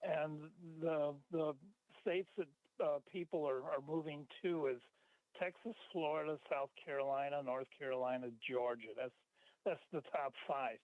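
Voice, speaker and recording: A man calling in to a radio show, speaking haltingly with many restarts. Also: a little high, steady tone, no room sound. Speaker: caller. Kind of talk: call-in talk. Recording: phone line.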